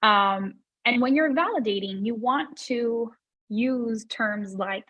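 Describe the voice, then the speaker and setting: A woman's voice: on the high side, takes it slowly, a bit bright, no room sound, poor audio. A woman teaching a business workshop in a conversational way, with frequent fillers and restarts and repeating points for emphasis. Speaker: workshop presenter.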